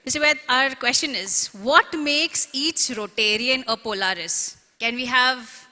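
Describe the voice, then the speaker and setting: A woman's voice: high-pitched, expressive, normal speed, sharp tone. A woman working as an event emcee, upbeat and engaging the audience with calls for applause. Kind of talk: lively stage hosting. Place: large convention hall. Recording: long reverb from a large hall.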